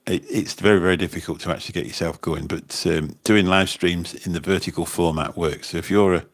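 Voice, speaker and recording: Man, very low voice, rambling livestream chat, repeats himself. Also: fairly even intonation, a little fast. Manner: rambling, chatty, repeats words. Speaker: livestream host and taxi driver. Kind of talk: casual livestream chat reading comments. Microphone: phone.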